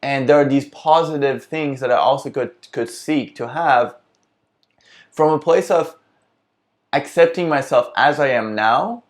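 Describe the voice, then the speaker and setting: A man's voice: mid-range voice, unhurried. A man hosting a casual self-help vlog, talking earnestly and reflectively, often restarting his sentences as he thinks aloud. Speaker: vlog host.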